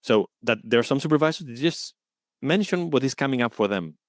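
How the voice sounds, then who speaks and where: A man speaking as the guest in an interview, earnest and thoughtful, often pausing to search for his words. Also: mid-range voice, animated, no room sound, clean studio sound. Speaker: guest coaching supervisor. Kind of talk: reflective interview talk.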